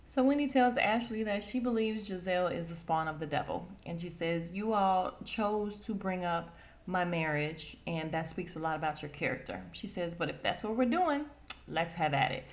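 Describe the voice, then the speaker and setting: A woman hosting a casual podcast, recapping a reality show with a sassy, animated delivery and quick bursts of acted-out quotes. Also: fairly low pitch.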